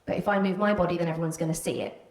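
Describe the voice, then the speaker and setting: A woman's voice: lowish voice, racing. A woman with a Welsh border accent tells a candid personal story to a live audience, now and then slipping into the voices of people she remembers. Her voice carries through a roomy hall and reaches the microphone from a distance. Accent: Welsh border English. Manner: candid, animated, acts out quoted voices. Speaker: stage speaker telling a personal story. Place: stage before an audience.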